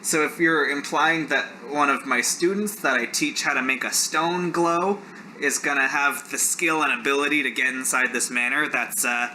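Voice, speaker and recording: A man plays a testy male village wizard in a tabletop game, nursing a sore throat and quick to take offense. The voice rings bright and sharp, with a light hiss of noise underneath. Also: medium pitch, poor audio. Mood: prickly. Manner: prickly, defensive, easily offended. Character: grumpy self-important male village wizard teacher.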